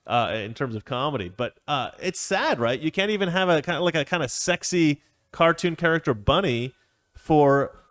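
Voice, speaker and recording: A man's voice: a little high, expressive, moderate pace, a bit bright. A man hosting an opinion commentary segment, sarcastic and digressive, often breaking into laughter. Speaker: commentary host.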